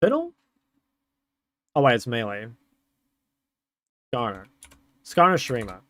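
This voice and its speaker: A man's voice: medium pitch, lively intonation, normal speed, fairly bright tone, dry recording. A young man streaming, chatting casually and answering chat in a laid-back way.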